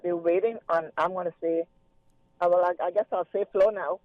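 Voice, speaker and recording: A man calling in to a radio show, his voice pitched high. He rambles in a relaxed way with plenty of fillers. The sound is dry and comes through a tinny phone line. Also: normal speed, no room sound. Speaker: caller. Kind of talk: casual phone-in chat. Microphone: telephone.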